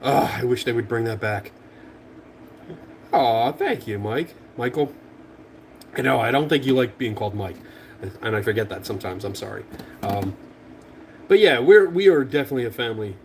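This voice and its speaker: Chatty man with a lively voice. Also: medium pitch, slight background noise. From Philadelphia, USA. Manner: chatty, laughs often, trails off and restarts. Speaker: livestream host. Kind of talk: casual livestream chat, reading viewer comments. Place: home garage.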